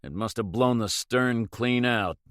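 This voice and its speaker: A man's voice: mid-range voice, measured pace, a bit bright, dry recording, close to an everyday voice. A man voicing a hardened boat captain who talks tersely in short, clipped lines, close to his own narrating voice.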